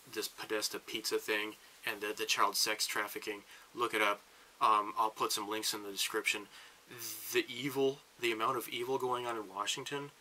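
A man giving a long political rant as a vlogger, talking in bursts with halting restarts. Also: lowish voice, bright, forceful tone, slight background noise, poor audio.

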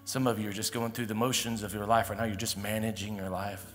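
A low-voiced man preaching a live sermon in a church sanctuary. He talks to the congregation casually, then lifts into emphatic, pleading peaks. His voice rings with a long hall echo over faint music. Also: little pitch movement, fast. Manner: conversational preaching with emphatic rises and quiet asides. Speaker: pastor.

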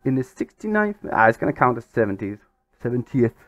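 A man hosting a gaming channel, giving excitable, exasperated let's-play commentary over a football management game. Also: medium pitch, fast. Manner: exasperated, excitable, swears mildly.

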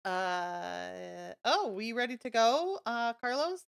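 A woman streaming a video game live, chatting casually to her viewers and gushing excitedly over new items. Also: on the high side, slow, vocal fry, clear, resonant tone. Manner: bubbly, gushing and easily excited. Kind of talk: casual live-stream chat while playing.

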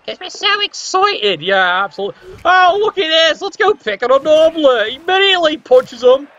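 A man's voice: extremely high pitch, big pitch swings, normal speed, pushed and bright, no echo, muffled recording. A man commentating a tabletop sports game with wry, sarcastic asides.

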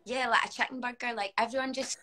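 A woman in her twenties with a Scottish accent, a footballer chatting casually on a livestream, animated and full of "like". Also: on the high side, fast, poor audio. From Scotland. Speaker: guest footballer.

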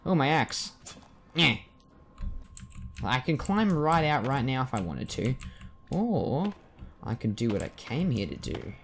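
A man giving let's play commentary at his computer, joking and reacting with excitement to the game as he plays. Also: medium pitch, measured pace, vocal fry, pauses often, a little hiss or hum. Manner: excitable, jokey, yelps and laughs at the game. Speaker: gaming YouTuber.

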